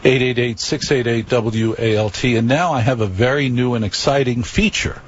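A man's voice: mid-range voice, moderate pace, highs cut off, a little hiss or hum. Wry late-night radio host man. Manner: wry, conversational, repeats phone number.

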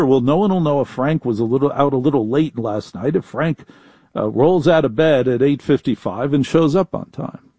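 A man hosting a live call-in talk radio show, talking in a chatty, wry way. His voice is mellow and warm, recorded close and dry with no room sound. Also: medium pitch, moderate pace, husky, dry recording. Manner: chatty, wry, repeats phone numbers. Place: home studio in a laundry room.

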